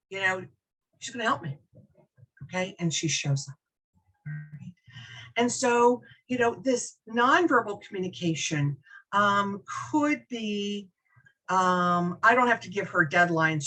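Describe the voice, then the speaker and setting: A middle-aged woman leads a business training session in a conversational way, calling on attendees by name and checking in with "okay?" as she goes. Her voice is bright and forward, with a husky edge. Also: medium pitch, low-quality recording. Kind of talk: recorded workshop lecture.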